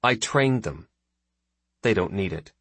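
A man voicing a confident woman fleet admiral who talks in a brisk, commanding way. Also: lowish voice, expressive, a bit bright, breathy edge, no room sound, exaggerated voice.

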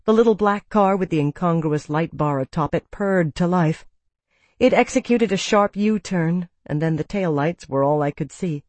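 Audiobook narrator, woman, low pitch, dry close studio sound, measured reading. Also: darkish tone, no room sound. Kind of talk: scripted narration.

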